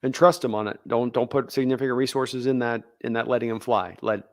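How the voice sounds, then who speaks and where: A man's voice: medium pitch, fairly even intonation, fairly quick, no echo. A man co-hosting a casual sports podcast, talking in a rambling way with frequent restarts. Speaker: podcast co-host.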